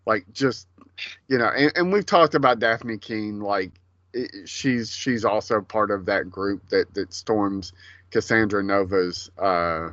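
Bright-voiced man in casual chat. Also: on the low side, takes it slowly, no echo, dull audio. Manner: rambling, profane, animated. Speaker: podcast co-host.

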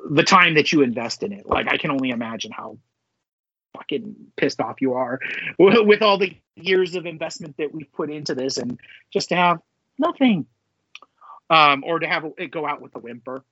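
Podcast guy, hyped and sweary, kinda high voice, dull dry audio. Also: normal speed, husky, no echo. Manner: excitable, swears freely, many fillers. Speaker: podcast co-host. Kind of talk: casual chat.

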